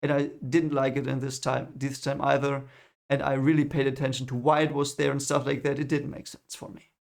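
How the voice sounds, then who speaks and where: A man's voice: medium pitch, flat delivery, a little fast, vocal fry. A man recapping a film in casual vlog talk, rambling and often stopping to correct himself and apologize. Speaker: film reviewer vlogger.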